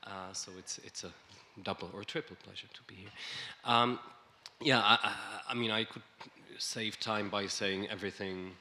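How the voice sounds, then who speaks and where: Man with a bright voice speaking on a panel. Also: fairly low pitch, fairly even intonation. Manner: measured, with restarts. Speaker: panelist, EU official. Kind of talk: panel talk. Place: conference hall.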